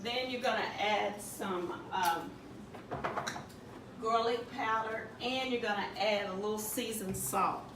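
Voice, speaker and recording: Woman, home-cook tutorial host, plain homey instructions; roomy distant camera sound with steady background noise. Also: mid-range voice, slow pace. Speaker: home cook demonstrating a recipe. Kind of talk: casual cooking tutorial. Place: home kitchen. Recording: echoey kitchen from a distant mic with background noise.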